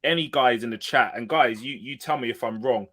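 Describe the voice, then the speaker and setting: A man's voice: medium pitch, fairly quick. A man from Liverpool hosting a podcast, chatting casually and agreeably, with frequent fillers. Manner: relaxed, agreeable, many affirmations. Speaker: podcast host. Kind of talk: casual chat.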